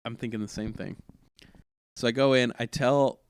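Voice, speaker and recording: A man's voice: mid-range voice, steady tone, moderate pace, a little hiss or hum. A man, a comedian guest on a podcast, telling a long anecdote in a casual, rambling way, often correcting himself and laughing mid-story.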